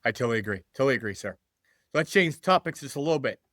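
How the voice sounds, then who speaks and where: A man hosts a casual interview in an earnest, agreeable way, picking up his guest's points and restating them. His voice is bright and forward. It is recorded dry and close. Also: mid-range voice, expressive, very fast, no room sound. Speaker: podcast host.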